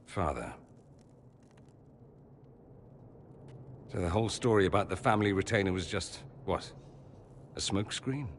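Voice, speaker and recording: An actor playing a proud, sarcastic male mage confronting the father he is estranged from, with a husky voice and a cutting manner. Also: low voice, a little fast, big-room sound, slight background noise. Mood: wry. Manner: sarcastic, cutting, rising to anger. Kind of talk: game character dialogue.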